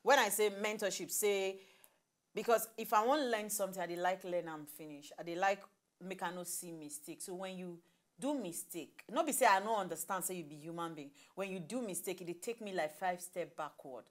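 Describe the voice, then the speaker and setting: A young woman with a Nigerian accent talks in a relaxed, chatty way on a television talk show. Her voice sits a little low, and she laughs often as she goes. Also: a little fast. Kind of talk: casual chat in Nigerian Pidgin.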